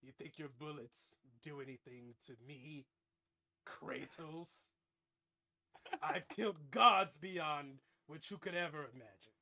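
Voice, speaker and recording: A towering god-warrior, full of contempt, sneers down at small foes, as a man acts him out in a comic tale. The delivery is stern and scornful, dropping low and slow. Every word lands with weight. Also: sharp tone, exaggerated voice.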